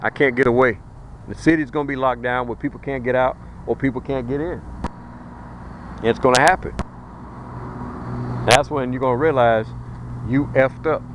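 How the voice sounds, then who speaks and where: A man delivers a fiery street sermon outdoors, talking in a blunt, colloquial and emphatic way as he warns his listeners. His voice sits at an ordinary middle pitch for a man. A faint hiss of traffic noise runs under him. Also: steady tone, normal speed, long pauses, low-quality recording. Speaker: street preacher.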